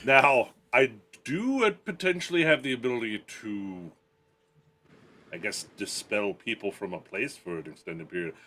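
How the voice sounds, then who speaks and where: A man's voice: on the low side, animated, moderate pace, bright, forceful tone. A man playing in a tabletop game, chatting casually and rambling through his thoughts. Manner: rambling, self-deprecating. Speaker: player.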